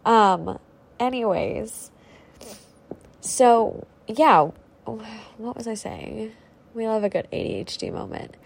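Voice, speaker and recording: A woman's voice: fairly high pitch, sing-song, takes it slowly, vocal fry, pauses often, slight background noise. Young woman ranting into a bad home mic, chatty, lots of likes and ums, swears a bunch. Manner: chatty, swears freely, rambling with many fillers. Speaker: podcast host. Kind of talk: casual ranting monologue. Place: at home with a squeaky chair. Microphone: faulty home microphone.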